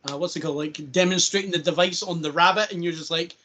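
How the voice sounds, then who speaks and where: A man hosting a casual podcast chat, rambling with plenty of fillers and breaking into quick impressions of scenes. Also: a little high, steady tone, bright, forceful tone. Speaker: podcast host.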